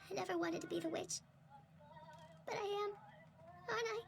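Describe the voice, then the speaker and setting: An actress voicing a haunted mother sliding into madness in a horror game, with a gravelly edge. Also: extremely high pitch, normal speed, faint music behind, exaggerated voice. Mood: anguished. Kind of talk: game character voice acting.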